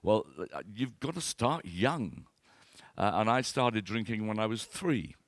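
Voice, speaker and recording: A man in his later years, a wine expert telling self-deprecating comic stories to an audience, halting and repeating words, with plenty of fillers. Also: lowish voice, sing-song, dry recording. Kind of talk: anecdotal talk to an audience.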